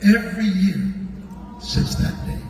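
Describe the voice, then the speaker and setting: An older man spins a story with animated, chatty energy and a fairly high voice for a man. He sounds far from the mic in a big, echoing tunnel, with a crowd murmuring in the background. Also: a little slow, vocal fry, a little hiss or hum. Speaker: guest entertainer. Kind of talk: storytelling anecdote. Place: large echoing tunnel venue. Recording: echoey hall from far off, with crowd.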